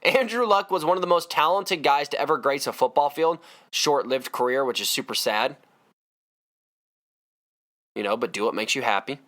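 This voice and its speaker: A man's voice: medium pitch, moderate pace, pauses often, fairly bright tone. Fired-up man ranting about basketball. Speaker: podcast host. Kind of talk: solo sports podcast rant.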